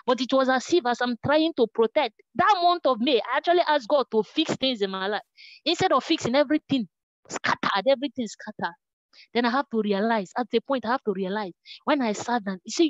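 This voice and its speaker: A woman's voice: on the high side, dry recording, muffled recording. A woman preaching a sermon, earnest and repetitive, praying aloud between points.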